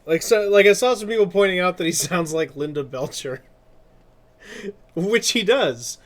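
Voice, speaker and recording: A man's voice: high-pitched, animated, fairly quick. A man streaming live, chatting casually in a rambling way, laughing often and correcting himself. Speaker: streamer and artist.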